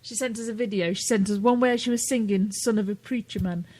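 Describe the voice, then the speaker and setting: A woman's voice: medium pitch, steady tone, brisk, mellow. Laughing British woman, cheeky chat. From Britain. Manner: laughing, swears casually. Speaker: co-host. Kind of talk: casual radio chat.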